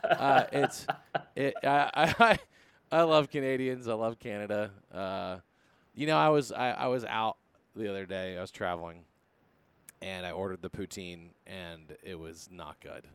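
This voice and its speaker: A man hosting a casual podcast, talking in a rambling, joking way. His voice sits fairly low, and he keeps stopping to restart his sentences. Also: unhurried, a bit bright, clear, resonant tone, dry recording. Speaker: podcast host.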